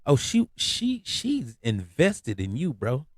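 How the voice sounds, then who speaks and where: A podcast host with a voice on the high side tells a story slowly, his pitch swinging hugely. He's laid-back and casual, leaning on slang and repeated phrases, and the recording is dry with clean studio sound.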